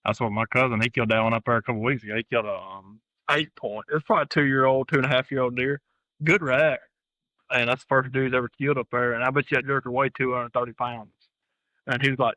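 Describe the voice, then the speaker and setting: A man's voice: mid-range voice, steady tone, fast talker, pushed and bright, no echo, poor audio. A man with an Alabama accent, a hunting guest talking plainly and repeating himself in a casual interview. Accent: Southern American, Alabama. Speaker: guest hunter.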